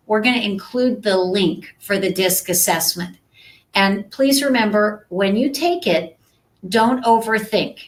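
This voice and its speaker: A woman's voice: mid-range voice, a bit bright, poor audio. Chatty woman coaching live. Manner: conversational, checks in with "right?" and "okay?". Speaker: sales trainer. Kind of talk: live-stream coaching talk.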